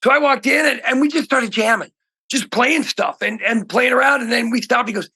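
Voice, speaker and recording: A middle-aged man from Oregon speaks as an interview guest, his voice pitched very high, bright and husky. He tells stories excitably, jumping from loud outbursts to quiet, hushed stretches. He is heard over a phone call. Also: moderate pace. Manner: excitable storyteller, swings from shouting to hushed. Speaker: guest musician. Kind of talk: casual interview chat.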